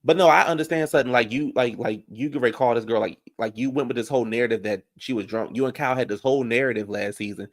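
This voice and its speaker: Sassy male recap commentator, mid-pitched, animated, laughs a lot. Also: quick pace, hardly any pauses. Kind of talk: casual reaction commentary.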